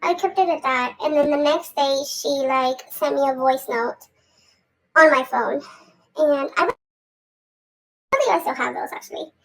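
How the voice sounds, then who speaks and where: A woman's voice: high-pitched, a little slow, pauses often, rough recording. A woman telling a personal story casually, swearing and acting out what people said. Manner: animated, swearing, acts out quotes.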